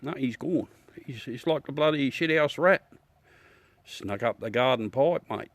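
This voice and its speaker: Australian man, middle-aged, laughing and cursing, lively up-and-down pitch, dry close sound. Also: measured pace, dry recording. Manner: laughing, joking and swearing. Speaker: livestream host. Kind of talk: casual chat with live viewers.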